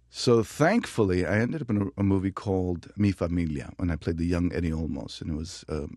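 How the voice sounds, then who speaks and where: A man, an actor being interviewed, telling stories from his career in a lively, laughing way and acting out other voices. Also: sits low, dry recording, studio quality. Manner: animated, laughing, acts out voices in anecdotes. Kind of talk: casual storytelling.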